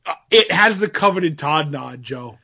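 A man co-hosting a podcast in casual chat, laughing often and animated. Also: on the high side, unhurried, vocal fry, a loud crowd. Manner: laughing, animated, does little bits. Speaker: podcast co-host. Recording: dull lo-fi sound.

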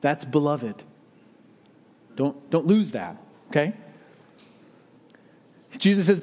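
High-voiced man preaching a sermon. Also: expressive, unhurried, pauses often, darkish tone. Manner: earnest, emphatic preaching with rhetorical questions. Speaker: pastor.

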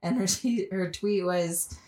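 A woman's voice: lowish voice, darkish tone. Chatty, laughing woman co-host. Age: adult mother. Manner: chatty, profane, quick to laugh. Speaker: podcast co-host, wife. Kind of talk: casual couple chat.

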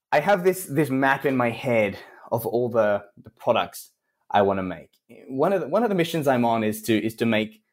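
A young Australian man from Western Australia, a copywriter chatting as a podcast guest, animated and jumping up in pitch when he quotes people. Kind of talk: casual interview chat.

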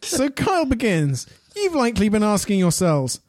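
A man chats on a casual podcast, reading reviews aloud and teasing the others. His voice swings widely in pitch with lively expression. The recording is dry and close-miked. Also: moderate pace, no room sound. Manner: animated, playful, reads reviews with expressive swings. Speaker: podcast co-host.

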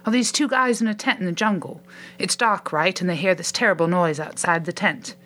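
A woman voicing a chatty, grumbling male shopkeeper who tells jokes, with her voice raised in pitch. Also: fairly quick, fairly bright tone, natural voice. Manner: chatty, grumbling, joke-telling. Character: grumbling male corner-shop keeper telling jokes.

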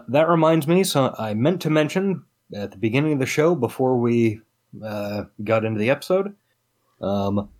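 A man's voice: mid-range voice, darkish tone. Podcast guy chatting loose, rambly, lots of ums, voice bounces up and down. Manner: rambling, hesitant with fillers. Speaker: podcast co-host. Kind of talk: casual chat.

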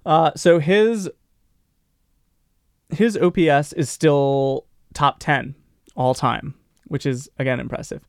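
A man's voice: on the high side, fairly even intonation, slow pace, pauses often, clean tone, no room sound, clean studio sound. A man co-hosting a podcast, chatting casually about baseball history in a rambling, joking way with many fillers. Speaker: podcast co-host.

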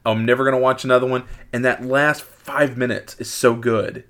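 Rambling excitable podcast host man. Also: medium pitch, normal speed. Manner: rambling, self-correcting, excitable. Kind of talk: casual podcast chat.

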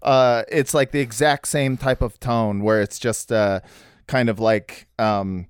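A man's voice: mid-range voice, steady tone, unhurried, smooth, no echo, clean studio sound. A man co-hosting a casual chat, rambling with many restarts and jokes. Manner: rambling, self-interrupting, jokey. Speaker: podcast co-host.

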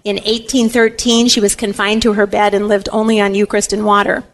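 A woman giving a religious teaching talk, telling a story with lively energy and acting out the lines of the people in it. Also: medium pitch, fairly quick. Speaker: Catholic teacher.

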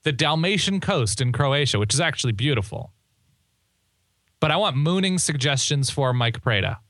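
A man's voice: mid-range voice, very animated, moderate pace, fairly bright tone, no room sound. Joking male podcast co-host, dry mic. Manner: joking, rambling, self-correcting. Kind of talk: casual chat.

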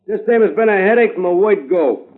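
A man's voice: sits high, animated, fairly quick. An actor playing a pushy, slangy male talent agent in a 1950s radio drama. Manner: brash slangy New York patter. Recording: tinny old radio broadcast.

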